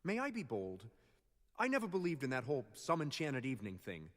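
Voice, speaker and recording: A man's voice: medium pitch, huge pitch swings, brisk. An actor playing a bashful, smitten man in a stage musical, speaking shyly and then singing a jaunty showtune. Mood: wistful, smitten. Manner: tentative, wistful, then sings a jaunty showtune. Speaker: singer on a musical cast recording. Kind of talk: musical theatre singing and dialogue. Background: orchestral music.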